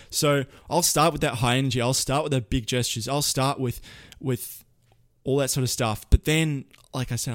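A man's voice: medium pitch, no room sound, clean studio sound. Chatty man giving casual tutorial tips. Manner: lively, rambling, frequent self-corrections. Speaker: presenter giving storytelling tips.

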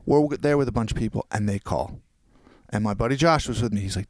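A man's voice: fairly low pitch, fast talker, no echo. A middle-aged man telling a long anecdote in casual chat, acting out what others said. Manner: animated storytelling, acts out quotes.

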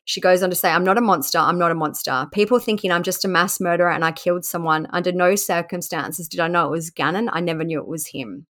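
Talking fast with few pauses, this woman hosts a podcast and tells a true-crime case in a relaxed style. She reads quotes aloud and adds asides, her fairly low voice carrying a slightly bright edge.

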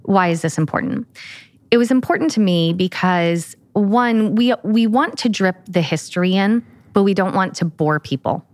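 A woman's voice: mid-range voice, moderate pace, a little mellow, dry recording. A woman co-hosting a casual podcast, telling a heartfelt story with many restarts. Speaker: podcast co-host, event organizer. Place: lives in Florence.

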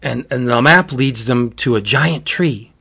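A man's voice: mid-range voice, unhurried, gravelly, pushed and bright, breathy edge. Man in casual chat retelling a book, rambling delivery, frequent restarts and laughs. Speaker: book reviewer.

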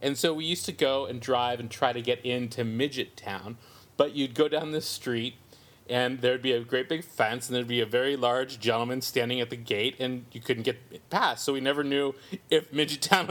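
A man's voice: medium pitch, normal speed, fairly bright tone. A man in his forties who grew up in the Southern California desert, co-hosting a podcast and telling a long, self-amused story in casual chat. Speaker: podcast co-host.

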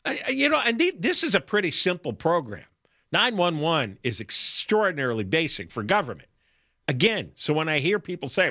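A man's voice: fairly high pitch, huge pitch swings, fairly quick, bright, forceful tone, no room sound, studio quality. A man co-hosting a talk radio show, giving emphatic, exasperated opinions with stammered restarts.

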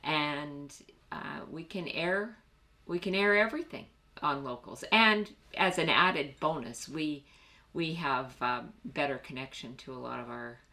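A woman's voice: sits low, a little slow, bright, forceful tone. A woman co-hosting a casual podcast, chatty, with many fillers. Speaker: podcast co-host.

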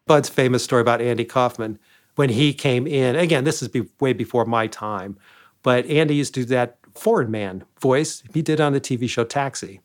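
A man who once managed a comedy club, telling animated backstage stories and acting out what people said. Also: mid-range voice, moderate pace. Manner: animated anecdotes, acting out quoted lines. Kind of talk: storytelling interview guest.

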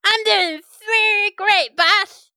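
A woman's voice: very high-pitched, steady tone, slow, bright, forceful tone, pitched above the performer's own voice, exaggerated voice. A woman voicing a small, eager male helper who cheerfully calls everyone boss. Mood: chirpy.

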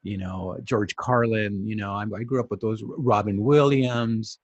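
A man's voice: fairly low pitch, fairly even intonation, normal speed, muffled recording, a crowd in the background. A middle-aged man chatting casually as a podcast co-host, telling stories animatedly, putting on voices and swearing casually. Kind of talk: casual chat.

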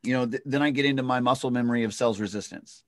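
A man's voice: medium pitch, racing, dry recording, clean studio sound. A man working as a real estate agent, talking loosely in a casual podcast chat, full of fillers and restarts.

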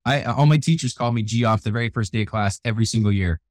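An older man with gray hair, a youth keynote speaker, telling animated stories in a radio interview. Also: fairly low pitch, quick pace, no echo. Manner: energetic, animated storyteller who acts out quotes. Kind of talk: storytelling interview talk. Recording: dry close sound, radio show.

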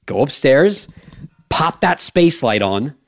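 A man's voice: a little high, big pitch swings, takes it slowly, creaky. A young man hosting a podcast, telling a rambling, profane story in casual chat. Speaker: podcast host.

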